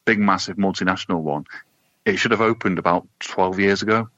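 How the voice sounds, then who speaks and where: A man's voice: deep voice, brisk, pushed and bright, dry recording. A man co-hosting a podcast, telling stories in a laid-back, wry way with lots of swearing. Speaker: podcast co-host. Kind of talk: casual chat. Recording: dull lo-fi podcast audio.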